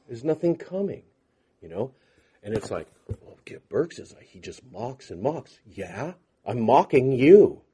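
A man's voice: medium pitch, warm tone, breathy edge. A man teaching the Bible to a live group in a conversational, sarcastic way, with mocking asides.

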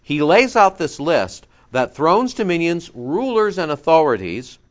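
A man preaching a conversational sermon to his congregation, with lively asides and self-corrections. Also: on the high side, unhurried, dull audio. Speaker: pastor.

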